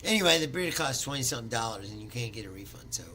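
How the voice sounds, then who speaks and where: A man's voice: mid-range voice, expressive, rapid-fire, bright, forceful tone, a little hiss or hum. A man hosting his own talk show, telling a story in a loose, swearing monologue and laughing at his own jokes. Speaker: podcast host.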